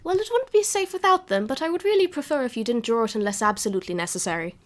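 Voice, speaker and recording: A woman voicing a very old grandmotherly female tabby cat, talking in a prim, proper and gently stern way. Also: fairly high pitch, lively intonation, fast, close to an everyday voice. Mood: gentle.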